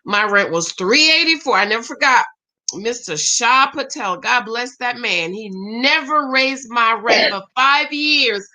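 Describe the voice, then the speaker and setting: A woman's voice: on the high side, expressive, measured pace, pushed and bright. A middle-aged woman hosting a casual live-stream chat, greeting viewers by name and talking back to their comments.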